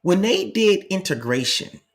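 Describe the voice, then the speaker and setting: A man's voice: high voice, sing-song, unhurried, creaky. A man hosting a live commentary stream, arguing with passion and firing off rhetorical questions. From United States. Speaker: channel host.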